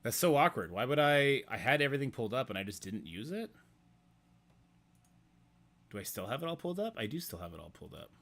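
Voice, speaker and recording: A man's voice: fairly low pitch, very animated, quick pace, gravelly, pauses often, fairly bright tone. Breathless man chatting on a live stream. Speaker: game streamer. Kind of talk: casual live-stream commentary.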